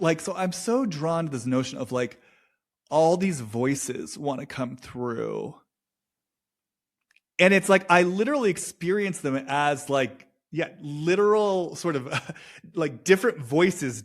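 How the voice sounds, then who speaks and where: A man giving an intuitive reading in a reflective solo monologue, speaking haltingly and repeating phrases as he searches for words. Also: on the high side. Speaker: intuitive reader. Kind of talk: reflective solo monologue, channeling a subject's feelings.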